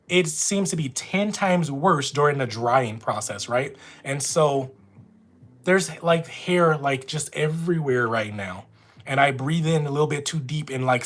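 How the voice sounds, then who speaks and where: A man's voice: a little high, fairly bright tone. A man with a Louisiana accent, chatting casually with viewers on a live stream from home. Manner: chatty, talks straight to viewers. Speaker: notary running a live stream. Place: at home with dogs nearby.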